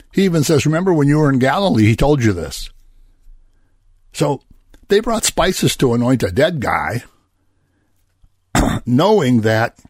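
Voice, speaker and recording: A man's voice: medium pitch, a little mellow, slightly rough, dry recording, studio quality. A man preaching a Bible-study sermon in a conversational way, asking rhetorical questions and chuckling between points.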